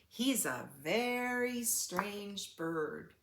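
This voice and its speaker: A woman's voice: medium pitch, expressive, extremely slow, a bit bright, reverberant, a little hiss or hum. A woman voicing a nosy, quacking duck in a storybook read-aloud. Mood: curious.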